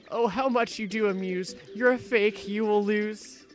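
Haughty rhyming fortune-teller lady, read out by a guy, high voice, slow sing-song. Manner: reads rhyming lines aloud in a sing-song way.

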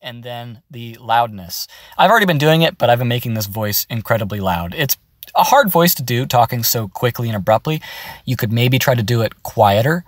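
A man's voice: medium pitch, expressive, fairly quick, no room sound, studio quality. A man giving a casual, upbeat voice acting tutorial, explaining step by step from his car.

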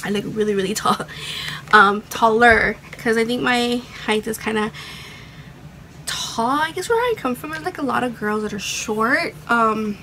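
A young woman chatting excitedly in a casual vlog at home, rambling with restarts. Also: on the high side, measured pace, a little hiss or hum, low-quality recording. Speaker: beauty and fashion vlogger.

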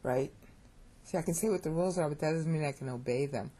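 A middle-aged American woman teaching Bible Greek in a casual video lesson. She is chatty and animated, jumps up in pitch when excited, keeps checking in with her listeners and jokes about her own pronunciation. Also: a little slow, pauses often, slightly rough.

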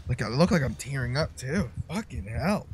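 Jokey, excitable young gamer guy. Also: medium pitch, moderate pace, background noise. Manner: jokey and profane, with sudden yelps. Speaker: let's-play gamer. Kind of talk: casual gameplay commentary.

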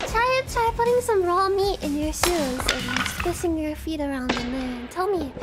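A woman streamer reacting casually, animated, shrieking and laughing and swearing freely. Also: very high-pitched, normal speed, loud music behind the voice.

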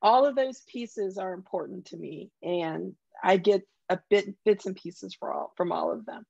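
A woman's voice: medium pitch, very animated, normal speed, creaky, darkish tone, slightly rough, no echo, dull audio. A woman with a Southern accent, a guest telling personal stories in an earnest, heartfelt way. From Southern US countryside. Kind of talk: conversational interview.

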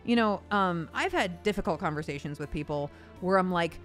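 A woman's voice: on the low side, lively intonation, fairly quick, faint music behind. A woman voice actor chatting casually and animatedly, acting out little quotes and swearing freely. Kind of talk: casual chat.

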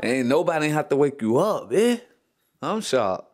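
A man's voice: fairly high pitch, sing-song, normal speed, crowd noise. A man, a father hosting a casual family vlog at home, ribbing his kids with profane jokes and frequent laughs. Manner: teasing, profane, joking banter.

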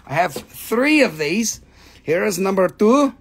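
A high-pitched man hosts a live crystal sale in a loose, chatty way. He teases his viewers, breaks into laughter and swears without a second thought. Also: sing-song, unhurried, vocal fry, husky. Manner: teasing, laughing, swearing freely. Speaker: live-stream crystal seller. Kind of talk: casual live sales stream.

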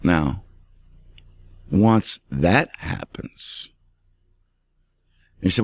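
Emphatic low-voiced preacher man. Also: animated, measured pace, pauses often, darkish tone, dry recording. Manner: emphatic preaching, addresses the listener directly. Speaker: pastor. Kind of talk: radio sermon.

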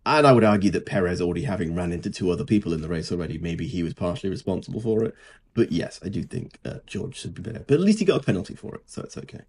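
A man's voice: sits low, animated, rapid-fire, darkish tone, slight background noise. A man, co-hosting a podcast in casual, sarcastic chat. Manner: dry, sarcastic, mocking impressions. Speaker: podcast co-host.

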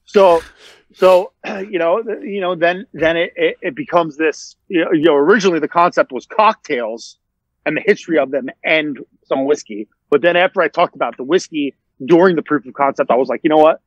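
Podcast guest, male, casual rambling storyteller, fairly high voice, dull dry recording. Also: a little fast, no echo. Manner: rambling, many fillers and restarts. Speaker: interview guest.

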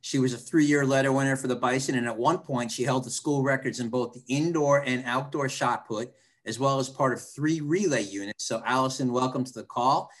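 Brisk man moderating a call. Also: medium pitch. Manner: brisk and organizing. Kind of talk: hosting a video call.

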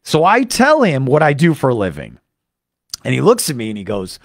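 An American man, a sports radio host, talking fast and eagerly in a studio monologue. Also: medium pitch, wildly swooping pitch, no echo. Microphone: studio microphone.

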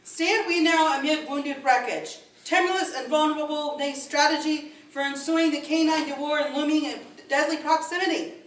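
A woman's voice: moderate pace, few pauses, fairly bright tone, far from the mic. A woman voicing a fussy, panicking little male pig who squeals his words, recorded from afar in an echoey hall. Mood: panicked. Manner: high squealing pleading.

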